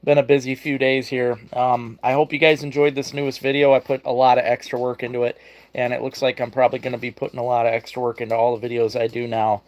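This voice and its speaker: A man's voice: mid-range voice, flat delivery, fast talker, darkish tone. A man hosting a live stream for his fishing channel, sounding tired and chatting casually with viewers. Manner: tired, greets viewers by name, laughs often.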